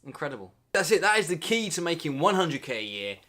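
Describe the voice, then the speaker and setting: A man in his twenties talks straight to camera in a comedic vlog. He plays it mock-dramatic, with loud bursts of hype and low, muttered asides. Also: very animated, quick pace. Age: 20s. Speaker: vlogger.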